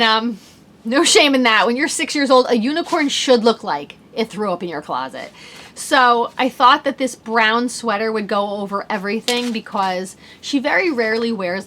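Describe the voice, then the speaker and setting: A woman's voice: a little high, normal speed, fairly bright tone, a little hiss or hum. A woman in her thirties hosting a podcast, talking in a bubbly, chatty way and saying "like" a lot. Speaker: podcast host. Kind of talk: casual chat.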